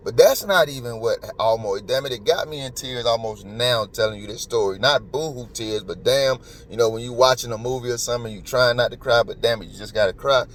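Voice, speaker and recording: A man's voice: mid-range voice, a little fast, few pauses, a bit bright, a little hiss or hum. A man hosting a podcast, talking in an emotional, emphatic and rambling way. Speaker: podcast host. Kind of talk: casual commentary.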